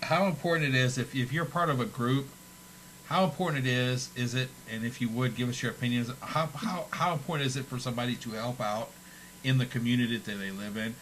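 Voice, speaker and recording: A man's voice: mid-range voice, fairly quick, fairly bright tone, slight background noise, poor audio. A man hosting a casual chat, asking long, rambling questions. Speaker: host.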